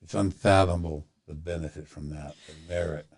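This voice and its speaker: A man on a casual podcast, firing pointed questions and musing softly about growing. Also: steady tone, brisk. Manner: asks pointed questions, muses in a low, soft voice.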